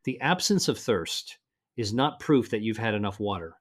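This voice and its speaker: An older man narrating a health advice video in an earnest, measured way, slowing down to stress single words. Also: fairly low pitch, expressive. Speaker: health presenter. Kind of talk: scripted narration.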